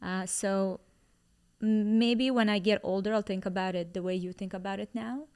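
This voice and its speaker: Woman, 30s, podcast host. Smooth, clear voice, affirming. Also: medium pitch, fairly even intonation, normal speed, darkish tone. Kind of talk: casual chat.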